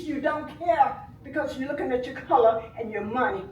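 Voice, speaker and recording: An older woman giving impassioned public comment at a board meeting, swinging between soft grief and loud anger. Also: sits high, normal speed, few pauses, lo-fi sound. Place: village board meeting room. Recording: echoey room, voice from far off.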